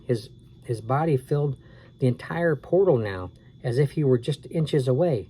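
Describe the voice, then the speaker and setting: A man reads a spooky storybook aloud in a steady, unhurried way. His voice is mellow and dark at a middling pitch. A faint hum of noise sits behind him. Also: poor audio.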